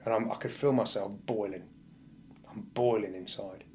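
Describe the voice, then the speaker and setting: A man's voice: fairly low pitch, fairly even intonation, moderate pace, a little mellow, a little hiss or hum. A male firefighter, a podcast guest, telling a painful personal story bluntly and vividly, acting out what people said. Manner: blunt, vivid retelling that acts out the dialogue.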